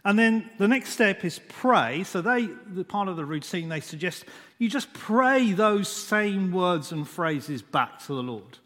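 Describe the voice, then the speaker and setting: A man preaching a sermon, unhurried, often repeating "just" and dwelling on single words. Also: high voice, lively intonation, fairly bright tone, big-room sound.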